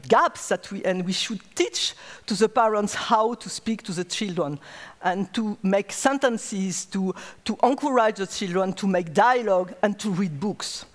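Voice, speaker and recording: A woman with a French accent, a native French speaker, explaining earnestly as a neuroscientist at a conference and repeating words as she searches for them. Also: medium pitch. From France. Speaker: neuroscientist giving a conference talk. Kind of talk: conference lecture. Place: large conference hall. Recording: reverberant lecture hall.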